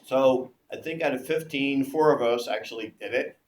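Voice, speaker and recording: A man teaching a class, telling a story in an animated way and acting out the voices of the people in it. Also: medium pitch, normal speed. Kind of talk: classroom lecture with anecdotes. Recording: echoey room with faint background noise.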